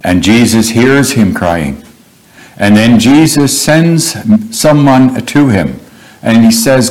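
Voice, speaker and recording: A man preaching a sermon, retelling Bible stories in a slow, measured, earnest way. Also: medium pitch, animated, a little mellow, poor audio.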